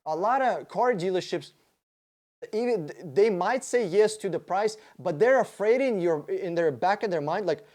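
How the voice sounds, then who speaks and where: A man hosting a casual livestream Q&A, reading out viewer questions and answering them in a profane, excitable, rambling way. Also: high-pitched, normal speed.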